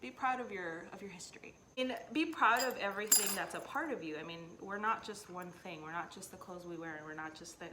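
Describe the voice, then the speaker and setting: A woman's voice: on the low side, a little fast, hardly any pauses, noisy background. A woman from Central America chatting as a guest friend in a casual, earnest, musing way. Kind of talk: casual chat.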